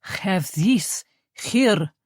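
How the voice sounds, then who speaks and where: A woman voicing a stern, bitter male Russian army officer who speaks cold, forceful broken speech with a Russian accent. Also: mid-range voice, expressive, very slow, husky, dry recording, studio quality, full character voice.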